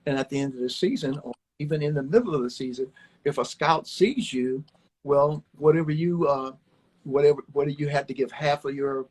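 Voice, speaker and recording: A man's voice: fairly high pitch, a little fast, darkish tone, slightly rough, rough recording. An older man from Alabama, a former ballplayer, telling folksy, rambling stories in an interview and repeating his words as he goes. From Alabama, USA. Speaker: former baseball player, guest. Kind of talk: storytelling interview chat. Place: home, on a livestream. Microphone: phone on a live video stream.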